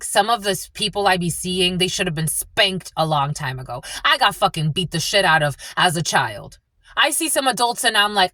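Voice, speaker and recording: A woman's voice: mid-range voice, sharp tone, no room sound. A woman giving a rambling, blunt and profane channeled reading in a casual monologue. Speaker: spiritual channeler and tarot reader.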